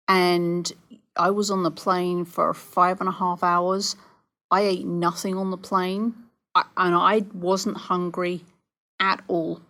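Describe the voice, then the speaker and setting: A woman's voice: fairly low pitch, creaky, a bit bright. A woman with a Sussex English accent, co-hosting a podcast in a chatty way and checking her understanding. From southern England. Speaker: podcast co-host. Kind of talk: casual chat.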